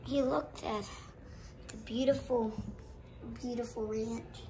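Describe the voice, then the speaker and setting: Give me a rambling high-voiced woman narrator. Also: fairly even intonation, takes it slowly, a little mellow, slight background noise. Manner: rambling, informal. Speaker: storyteller. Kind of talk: casual improvised story narration.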